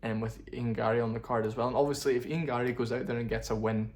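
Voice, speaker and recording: A man's voice: medium pitch, fairly even intonation, fast talker. A man talking casually to camera as a fight-sports YouTuber, opinionated and chatty, often thinking aloud. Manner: chatty, opinionated, laughs at his own jokes. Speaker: MMA commentary YouTuber. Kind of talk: casual vlog commentary.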